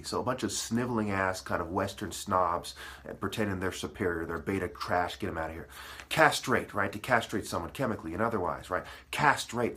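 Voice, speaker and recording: A man's voice: low-pitched, sharp tone. A man delivering a profane, preachy monologue, breaking words apart into syllables as he lectures. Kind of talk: ranting monologue.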